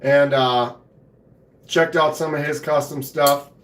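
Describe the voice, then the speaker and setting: Hoarse man chatting on a live stream. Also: fairly high pitch, steady tone, slow, reverberant, a little hiss or hum. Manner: laid-back, chatty, clears throat often. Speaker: knife channel host. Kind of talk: casual live stream chat. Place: home knife room.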